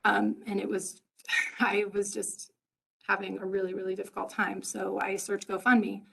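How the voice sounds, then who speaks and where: Creaky husky woman reporter. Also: mid-range voice, level tone, bright, forceful tone, rough recording. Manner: casual, halting with fillers. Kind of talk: webinar presentation.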